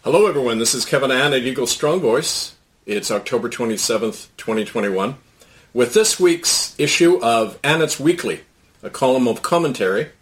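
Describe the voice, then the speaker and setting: A man's voice: medium pitch, expressive, normal speed, far from the mic. Sardonic man reading his commentary aloud. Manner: sardonic, storytelling. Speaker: commentator and host.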